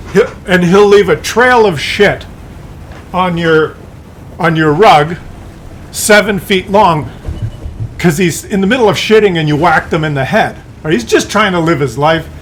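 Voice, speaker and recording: A man's voice: sits high, a bit bright, slight background noise. A man ranting in a rambling, profane monologue, full of fillers and restarts. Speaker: streamer.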